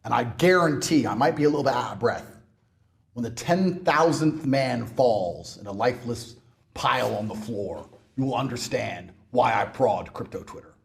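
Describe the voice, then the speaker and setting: A man's voice: mid-range voice, animated, normal speed, gravelly, a little hiss or hum. A man ranting on a podcast in a brash, mocking and emphatic way. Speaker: podcast guest. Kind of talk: provocative podcast rant.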